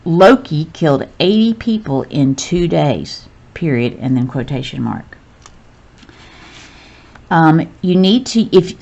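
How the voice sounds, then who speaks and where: Low, slow-talking woman teacher. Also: a little mellow. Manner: patient, step-by-step explaining. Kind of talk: recorded grammar lesson walkthrough.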